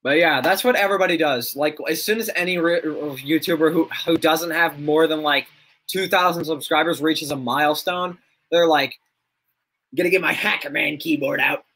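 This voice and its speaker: A man's voice: on the high side, moderate pace, fairly bright tone. A young man chatting casually on a livestream, rambling, laughing often and reacting to chat.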